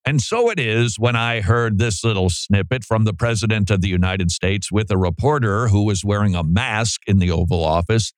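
A man hosting a talk show, speaking in a lively, animated way and slipping into voices when he quotes. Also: lowish voice, moderate pace, hardly any pauses, clean tone, dry recording, clean studio sound. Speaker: podcast host. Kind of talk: casual commentary.

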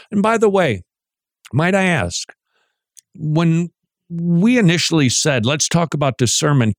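A man teaching in a sermon style, animated and joking, with many rhetorical questions. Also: a little high, no room sound, clean studio sound.

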